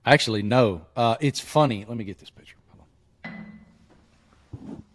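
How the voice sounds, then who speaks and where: A man from southwest Virginia hosting a podcast, telling a hometown story in an animated, joking way. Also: mid-range voice, brisk, faint music behind. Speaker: podcast host. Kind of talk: casual chat.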